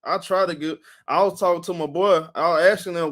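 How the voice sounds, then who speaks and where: Tired live-stream sports host, rambling. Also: male voice, a little high, fast talker, a bit bright. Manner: rambling, repeats himself, greets chat viewers by name.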